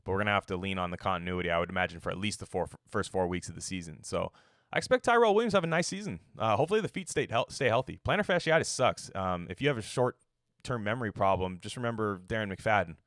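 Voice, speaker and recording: A man's voice: fairly low pitch, animated, quick pace, a bit bright, no room sound, studio quality. A young man hosting a casual sports commentary show, rambling, swearing and joking as he acts out coaches' quotes. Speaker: sports podcast host.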